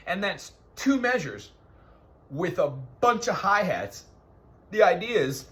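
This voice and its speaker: Lively higher-voiced male music teacher. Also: normal speed, slight background noise. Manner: explains patiently, counts beats aloud. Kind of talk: one-on-one music lesson.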